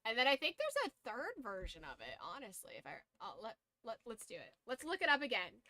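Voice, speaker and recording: A woman streamer in casual chat, blunt and swearing freely, her throat going hoarse. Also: a little high, huge pitch swings, brisk, sharp tone, no room sound.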